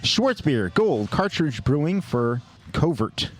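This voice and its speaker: A man co-hosting a podcast, jokingly rattling through a list of award winners with quick asides. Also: on the high side, very animated, soft background music. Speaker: podcast co-host. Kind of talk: casual chat, reading award lists.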